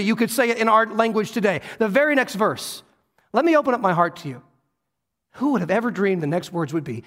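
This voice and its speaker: A man's voice: high voice, animated, brisk, a bit bright. A man preaching a sermon as pastor, earnest and emphatic, often restarting his words. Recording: reverberant hall.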